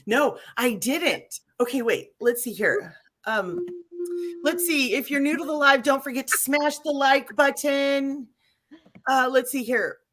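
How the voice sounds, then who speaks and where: A woman hosting a live online chat, telling stories in an animated, chatty way. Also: high voice, measured pace. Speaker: livestream host. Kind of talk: casual chat.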